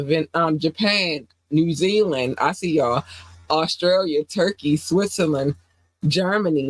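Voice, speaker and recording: A woman hosting a casual livestream podcast while under the weather, low on energy, talking in an affectionate, rambling way with lots of fillers. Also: dry recording, poor audio. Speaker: podcast host.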